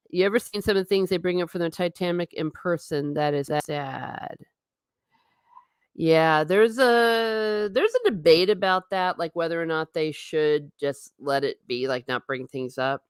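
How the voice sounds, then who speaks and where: Woman, low-pitched, dry close sound, chatty, laughs often, livestream host. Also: no echo. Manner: chatty and emotional, laughs often, self-interrupting. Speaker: livestream host reading chat. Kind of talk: casual chat.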